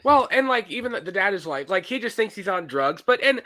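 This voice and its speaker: Animated, bright-voiced male podcaster. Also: high-pitched, a little fast, no echo. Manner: animated, acts out lines from scenes, laughs often. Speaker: podcast co-host. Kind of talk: casual movie podcast chat.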